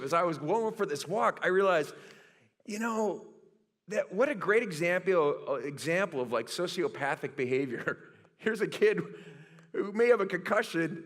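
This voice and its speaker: A middle-aged male pastor preaching a sermon, telling stories with animated, self-mocking humor. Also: high voice, moderate pace.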